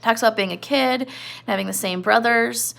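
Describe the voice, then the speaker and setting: A woman's voice: on the high side, normal speed, vocal fry, a bit bright. A woman teacher giving a casual literature lesson, explaining in a chatty way with many fillers.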